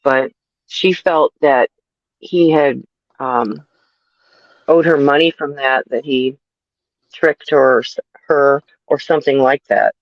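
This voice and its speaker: A woman co-hosting a casual chat, speaking in a measured, careful way and correcting details with hesitant fillers. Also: a bass voice, steady tone, dry recording. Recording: dull lo-fi sound.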